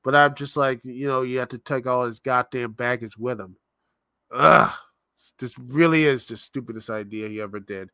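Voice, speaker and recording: A man's voice: mid-range voice, normal speed, bright, forceful tone, smooth, no room sound, studio quality. A man hosting a live-stream show, ranting in an exasperated, rambling, sarcastic way. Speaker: podcast host. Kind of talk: live-stream commentary rant.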